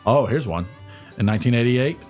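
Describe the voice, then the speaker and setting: A man hosting a casual chat, with a low rumbling voice, joking and reading out trivia. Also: animated, fairly quick, a little mellow, faint music behind. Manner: joking, reads history items and trivia. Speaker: podcast host.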